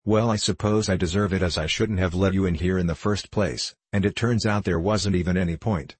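A man voicing a tired, exasperated young woman lodger in an audiobook, hushed and reproachful. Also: sits low, steady tone, fairly quick, husky, dry recording. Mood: weary.

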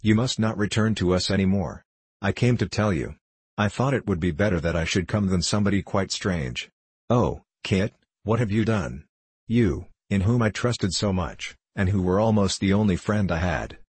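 A man voicing a pale, tearful young girl, gentle and pleading, in a storybook reading. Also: deep voice, normal speed, husky, no room sound. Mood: sorrowful.

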